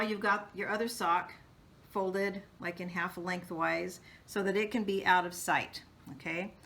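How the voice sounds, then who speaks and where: A woman's voice: fairly low pitch, creaky, pushed and bright. A woman hosting a casual craft tutorial, chatting her way through each step in a homey, think-aloud manner.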